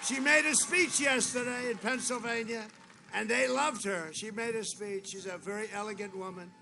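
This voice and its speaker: A man with a rather high voice gives a rambling, boastful campaign speech, looping back over the same lines again and again. He is recorded outdoors, with loud noise all around him. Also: moderate pace, gravelly. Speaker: political rally speaker. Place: outdoor rally. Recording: noisy outdoor rally sound.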